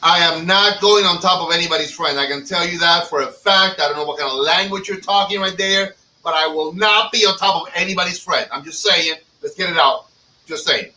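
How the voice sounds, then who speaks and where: A man co-hosting a casual chat, joking loudly and swearing a lot. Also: on the high side, fairly quick. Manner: loud, joking, swears a lot, jumps into shouts. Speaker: podcast co-host. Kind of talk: casual profane banter. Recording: distant mic with faint background noise.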